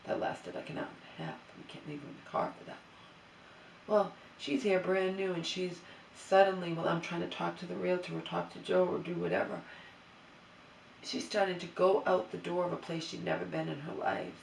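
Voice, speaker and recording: A woman's voice: on the low side, a little fast, creaky, distant mic, slight background noise. Woman venting in a bare echoey room. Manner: rambling, exasperated venting with restarts. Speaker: vlogger. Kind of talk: emotional monologue to camera. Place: empty new bedroom, indoors. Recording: roomy echo, voice away from the mic.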